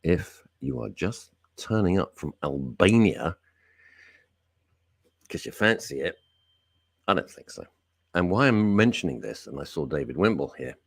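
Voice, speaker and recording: A British man with a deep, gravelly, husky voice delivers an opinionated talk radio monologue in a studio, recorded dry and close with no room sound. He rants bluntly, his pitch swinging from low growls to sudden high bursts.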